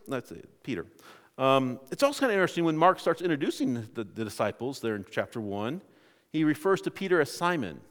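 Male pastor, conversational sermon delivery with a lively, bouncing pitch; church hall reverb. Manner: conversational, animated preaching with restarts.

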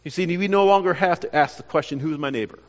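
A man with a high voice preaches with earnest insistence, stumbling over and repeating words as he drives each point home. The sound is a bit muffled and carries a long echo, as if recorded in a large hall. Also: fast talker. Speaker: pastor. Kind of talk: sermon.

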